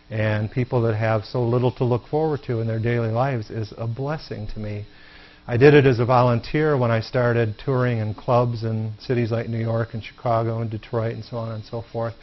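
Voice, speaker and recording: A middle-aged American man tells his story at a studio table in an easygoing, humorous way, his voice sitting in a middle register. The recording is lo-fi and dull, muffling his speech. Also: mid-range voice. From Michigan, USA. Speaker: guest singer. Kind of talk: studio interview.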